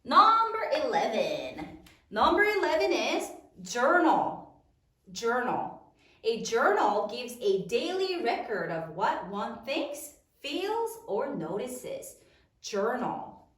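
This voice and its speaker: A woman teaching a spelling lesson to young children, sounding out each word slowly in a sing-song teacher voice. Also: on the high side, big pitch swings, a bit bright, reverberant, distant mic.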